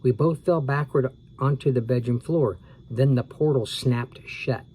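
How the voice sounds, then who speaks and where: A man reading a scary children's storybook aloud at a steady, unhurried pace. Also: medium pitch, slight background noise, rough recording.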